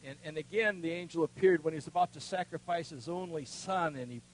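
An older man preaching, telling a personal story in a folksy way, dropping to a hush and then rising loud. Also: fairly high pitch, rough recording. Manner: folksy storytelling with strong swings between hushed and loud. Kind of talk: sermon with personal testimony.

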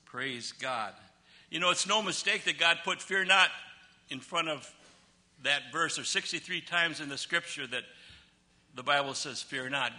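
An older man delivers a sermon in a fairly high, piercing voice. He draws out scripture verses slowly and swings from loud declarations down to quiet, low asides. His tone stays forceful and bright throughout. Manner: emphatic preaching, slow drawn-out scripture reading, big swings between loud and soft. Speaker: pastor.

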